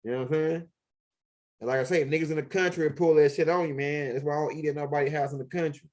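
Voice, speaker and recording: Talking fast in a high-leaning, slightly mellow voice with fairly even intonation, a man vlogs while moving around his house and backyard. His rambling is casual, profane street talk with lots of fillers.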